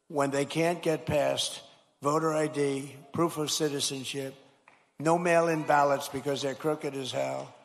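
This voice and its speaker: A man's voice: medium pitch, fairly bright tone. A man, a politician, giving a rambling, repetitive and emphatic rally speech from a podium mic in a large school hall. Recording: long hall reverb.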